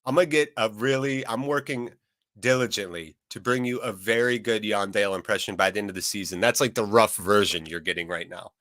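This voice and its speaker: A man's voice: fairly low pitch, a little fast, a bit bright, no room sound. Man, football watchalong host, chatty commentary, reads chat, dry home mic.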